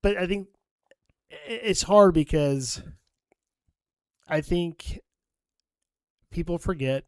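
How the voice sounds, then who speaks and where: A middle-aged man who works as a nurse, co-hosting a podcast and telling work stories in a casual, animated way, swearing freely and acting out what people said. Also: high voice, takes it slowly, pauses often, clean tone, dry recording, clean studio sound. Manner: animated storyteller, swears freely, acts out quoted dialogue.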